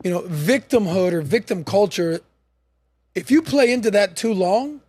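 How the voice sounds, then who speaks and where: A man with a high-pitched voice hosts a casual podcast, telling his story in a lively way and acting out the other voices. The recording is dry, close to the mic. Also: moderate pace, dry recording. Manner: animated storyteller, acts out quotes. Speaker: podcast host.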